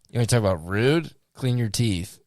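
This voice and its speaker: A man's voice: fairly low pitch, no room sound, studio quality. A young man co-hosting a podcast, telling profane stories in casual chat and acting out the people in them. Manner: profane, storytelling, acts out quoted people. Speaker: podcast co-host.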